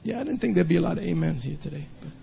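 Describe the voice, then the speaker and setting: A male pastor preaching a sermon, emphatic, often shouting and half-singing his lines. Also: a little high, lively intonation, racing, creaky, highs cut off, a little hiss or hum.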